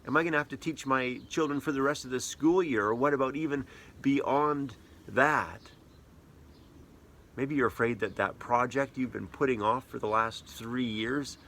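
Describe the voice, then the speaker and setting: A playful, conversational pastor. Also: male voice, mid-range voice, a bit bright. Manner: conversational, playful, asks the listener questions. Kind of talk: sermon.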